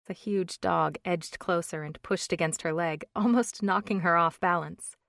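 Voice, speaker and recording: A woman reads an audiobook in an even, measured way. Her voice sits fairly low, and the sound is close-miked and dry. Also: gravelly, no echo. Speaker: audiobook narrator. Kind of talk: scripted narration.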